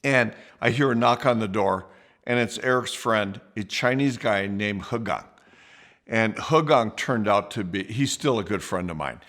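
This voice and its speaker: A podcast host tells a personal story with energy, restarting sentences and acting out quotes. His voice is on the low side and his pace a little slow.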